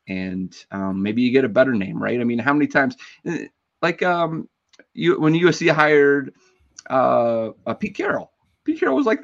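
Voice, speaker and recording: A man's voice: medium pitch, lo-fi sound. A man hosting a casual sports talk chat, his voice jumping up when he makes a point.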